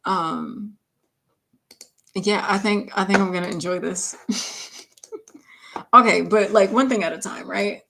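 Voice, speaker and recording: A woman's voice: mid-range voice, fairly even intonation, takes it slowly, creaky, long pauses, background noise. A woman singer chatting casually on a livestream while mixing her own vocals, laughing often and saying "like" a lot. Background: faint music playback.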